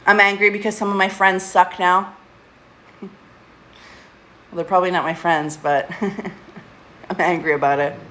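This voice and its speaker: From home with a pet, a woman who is adult and getting older hosts a casual live stream, speaking candidly with plenty of swearing and laughter between thoughts. Her voice is on the low side with a fairly bright tone.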